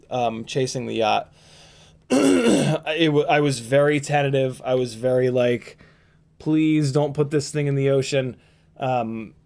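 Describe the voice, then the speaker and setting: A man's voice: mid-range voice, darkish tone. A man hosting a casual live stream, rambling and joking as he reads out viewer names, his voice tired and strained. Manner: rambling, playful, swearing, frequent ums and throat clearing. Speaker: livestream host.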